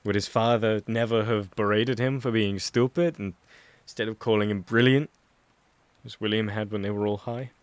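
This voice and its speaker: A man narrating an audiobook, reading a chapter of fan fiction in a steady, even storytelling manner. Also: fairly low pitch, moderate pace, smooth, no echo.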